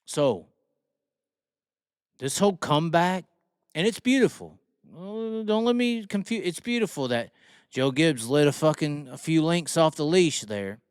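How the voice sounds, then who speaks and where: A man's voice: on the high side, clean tone, no echo, studio quality. A man hosting a racing show, ranting heatedly and swearing as he mocks fans and reads the chat. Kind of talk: profane opinion rant on livestream.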